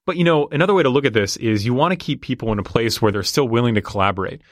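A man's voice: mid-range voice, lively intonation, rapid-fire, no room sound, studio quality. A man talking confidently and explaining with examples in a casual conversation. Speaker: negotiation guest.

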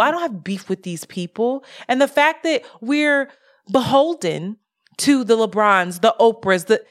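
A woman co-hosting a podcast, talking casually in a profane, animated rant about money and frustration. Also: fairly high pitch. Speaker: podcast co-host. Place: lives in Brooklyn.

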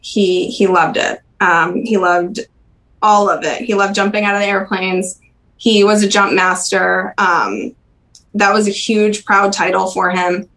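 A young woman speaking as a podcast interview guest, recalling personal memories in a halting, soft-spoken way with frequent pauses and restarts. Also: mid-range voice, steady tone, low-quality recording. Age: young adult.

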